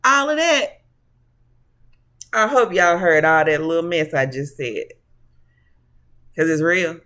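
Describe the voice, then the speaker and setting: Give me a high-voiced man doing a casual tarot reading to camera, sassy and preachy. He calls the viewers honey and baby and laughs easily between his points. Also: lively intonation, unhurried, fairly bright tone, clean tone. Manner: laughs often. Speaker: tarot reader.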